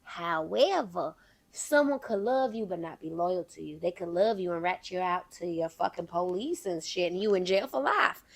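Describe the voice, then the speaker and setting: A woman's voice: fairly low pitch, expressive, normal speed, creaky. Playful, teasing woman hosting a podcast. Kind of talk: casual chat.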